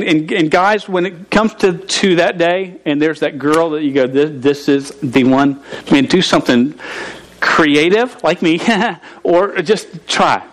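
Joking, animated male pastor. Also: on the high side, slight background noise, poor audio. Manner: humorous, animated storytelling with stammers. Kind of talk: sermon with personal story.

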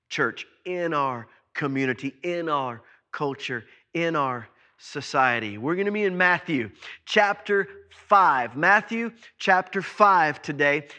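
A man preaching a sermon to his church, repeating words for emphasis and swinging between loud and soft. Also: high-pitched. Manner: preaching with emphatic repetition and sudden swings in loudness. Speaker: pastor.

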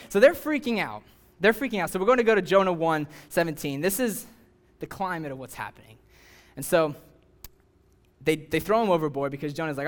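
A young man preaching a casual sermon, telling the story with animated asides and acted-out voices. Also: high-pitched, brisk.

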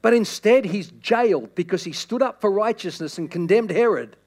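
A man preaching a sermon with impassioned, repeated appeals that swing from loud to hushed. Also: high voice, expressive, normal speed.

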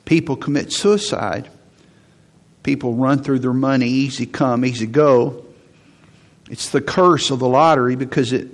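A man's voice: medium pitch, measured pace. A man preaching a conversational sermon to a congregation, often acting out what people say. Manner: conversational preaching, acts out quotes. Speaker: pastor.

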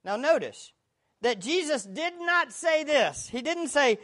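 A woman's voice: high voice, animated, measured pace, a bit bright. A woman preaching a sermon, teaching from the Bible in an earnest, emphatic way and asking rhetorical questions.

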